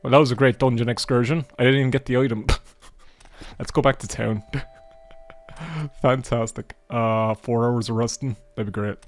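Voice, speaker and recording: Irish male gaming host, loose rambling let's-play chat with casual swearing, average pitch, soft music bed. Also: fairly even intonation, moderate pace, pauses often. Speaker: gaming YouTuber.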